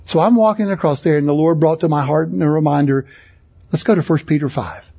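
Husky high-voiced man preaching passionately. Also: fairly quick, dark tone, lo-fi sound. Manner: impassioned preaching, rising to emphatic peaks. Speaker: pastor. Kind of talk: sermon. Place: conference hall.

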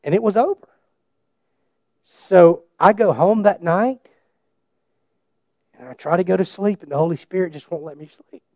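A middle-aged man preaching a sermon and telling his own story, swinging between loud bursts and hushed asides. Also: sits high, normal speed, pauses often, no room sound. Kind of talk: sermon with personal testimony.

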